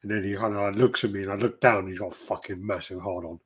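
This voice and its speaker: A man's voice: on the low side, steady tone, fairly bright tone, slightly rough. Rambling man telling stories. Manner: rambling, profane storytelling with quick asides. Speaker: podcast host. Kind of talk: casual chat.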